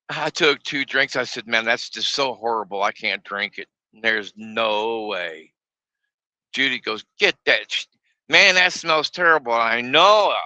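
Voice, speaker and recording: A man's voice: mid-range voice, pushed and bright, no echo. A man streaming live from his truck, chatting in a folksy, grumbling way and laughing often. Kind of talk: casual live-stream chat. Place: inside a semi truck cab.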